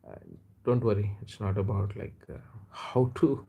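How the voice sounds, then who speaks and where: A man from India chats his way through a casual live stream in a low, husky voice. He rambles from one thought to the next, stopping often to hesitate and correct himself. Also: fairly even intonation, normal speed, dark tone. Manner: rambling, chatty, frequent hesitations and self-corrections. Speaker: livestream host.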